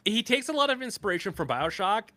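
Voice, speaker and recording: A man co-hosting a live gaming podcast, talking casually in a rambling, halting way full of fillers and restarts. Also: sits high, big pitch swings, bright, forceful tone, no room sound. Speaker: podcast co-host.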